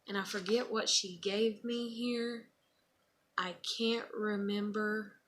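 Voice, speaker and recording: A woman's voice: medium pitch, a bit bright, slight background noise. A woman talking casually on her own video, frank and rambling, full of "you know" and "like", sometimes swearing. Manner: swears when frustrated. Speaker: mother sharing keepsakes on video. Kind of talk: casual personal vlog.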